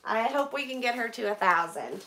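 Gushing chatty woman, bright voice. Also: fairly high pitch, normal speed, slight background noise. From United States. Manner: gushing, excitable, chatty with viewers. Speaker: vlogger opening donations. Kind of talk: live stream chat.

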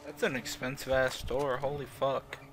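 A man's voice: medium pitch, flat delivery, moderate pace, a bit bright. A young man co-playing a game, dry and grumbling, swearing in an offhand way. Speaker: co-player. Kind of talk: casual gaming chat.

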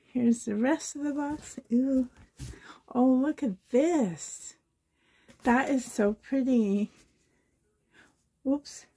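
A hoarse woman from Canada gushing with delight as she unboxes a reborn doll trade for her vlog. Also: high-pitched, extremely slow, long pauses, mellow. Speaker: reborn doll collector vlogger.

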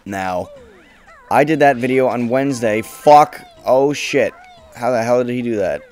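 A young man commentating his own gameplay casually, swearing often and bursting into frustrated shouts. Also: mid-range voice, measured pace, soft background music. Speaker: let's play gamer.

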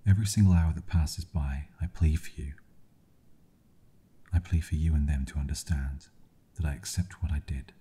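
Whispered role-play: man playing a remorseful young woman, pleading, deep and breathy. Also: steady tone, normal speed, pauses often, mellow, heavily acted. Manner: pleading, sorrowful.

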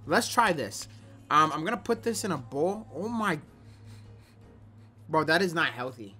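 A man's voice: fairly high pitch, very animated, measured pace, pauses often, sharp tone, husky, soft background music. A young man reviewing food on his home vlog, casual and slangy, with big exaggerated reactions, recorded on a camera at home. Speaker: food-tasting vlogger. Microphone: camera or phone.

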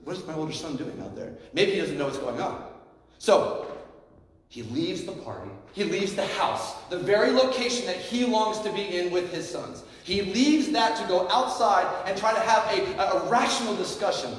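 A man preaching a sermon as pastor, telling a parable in a lively, animated way and acting out its scenes. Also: high voice, moderate pace, a little hiss or hum. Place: church sanctuary. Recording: echoey church hall, mic at a distance.

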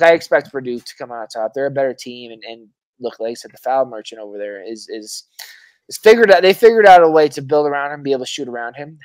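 A man co-hosting a sports podcast, talking in an animated, casual way, repeating words, restarting sentences and swearing freely. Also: mid-range voice, no room sound. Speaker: podcast co-host. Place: Arizona.

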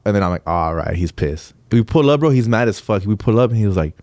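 Chill podcast dude telling a story, lots of cussing and laughing, voice bouncing all over, dry close mic. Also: male voice, mid-range voice, a little fast, no room sound. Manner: animated, swearing, laughs often, acts out friends' voices. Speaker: podcast co-host. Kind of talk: casual storytelling among friends.

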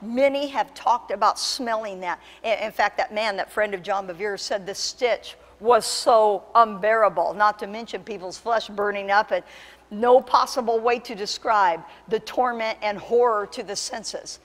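A woman pastor preaching a sermon with impassioned, emphatic delivery that surges to loud peaks. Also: medium pitch, normal speed, in a large hall. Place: church sanctuary.

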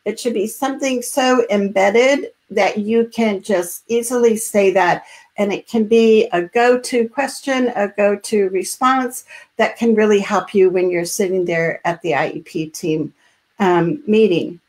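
A woman hosting a live online training, speaking in a calm, assertive and encouraging way, with frequent filler words. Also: medium pitch, measured pace. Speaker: host and special education advocacy trainer.

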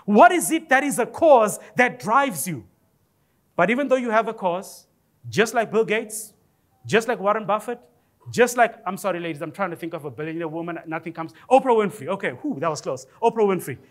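Male pastor, very high voice, lively and joking from the pulpit. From Africa. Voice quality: high-pitched voice. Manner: animated preaching with rising exclamations and humor. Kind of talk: sermon. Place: church.

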